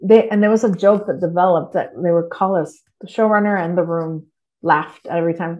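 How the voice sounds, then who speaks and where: A middle-aged woman from Texas, a writer on a podcast, talking in casual interview chat, animated, swearing freely and laughing often. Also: lowish voice, a little fast, highs cut off.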